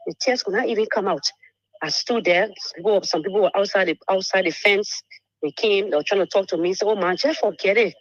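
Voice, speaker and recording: A woman, telling a painful personal story on a talk show, halting and repeating words. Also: medium pitch, no echo. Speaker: guest telling her story. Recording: muffled dry broadcast audio.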